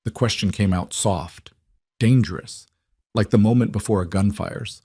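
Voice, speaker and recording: A man narrating a dramatic romance story in a measured storytelling voice. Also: lowish voice, darkish tone, breathy edge, no room sound, studio quality.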